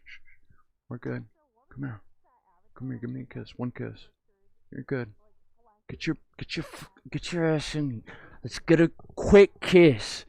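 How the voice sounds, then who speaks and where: A man chatting with strangers in a VR game, crude and teasing, swinging from mumbles to shrill giggles and shouts. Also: vocal fry. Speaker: VR streamer. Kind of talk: casual VR chat with strangers.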